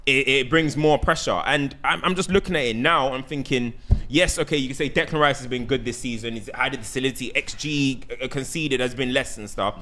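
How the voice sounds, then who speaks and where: A man's voice: medium pitch, fairly quick, sharp tone, a little hiss or hum. A man on a football podcast panel, chatting casually and building his points through repeated phrases. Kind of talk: casual chat.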